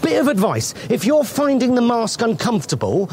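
A man's voice: extremely high pitch, very animated, normal speed, darkish tone, a little hiss or hum. A man playing a furious male news reporter with an English accent, ranting in exasperated, sweary bursts.

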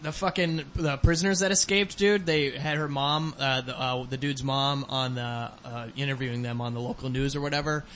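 A man's voice: mid-range voice, steady tone, normal speed, few pauses, a bit bright, a little hiss or hum. A man chatting on a comedy podcast who laughs often, swears freely and mimics people. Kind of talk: casual comedic chat.

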